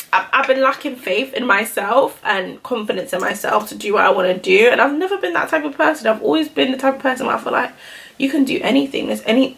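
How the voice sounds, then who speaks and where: A young beauty vlogger chats casually to the camera while getting ready, in a get-ready-with-me style. Her voice is fairly high and fairly bright with vocal fry, and she rambles, filling her speech with "like".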